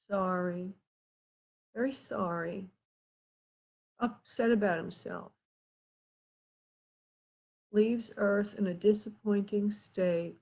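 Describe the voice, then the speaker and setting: A woman hosting a live psychic reading, speaking haltingly with many pauses and calling the caller by endearments. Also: medium pitch, vocal fry, mellow, slightly rough, rough recording. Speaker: psychic medium host.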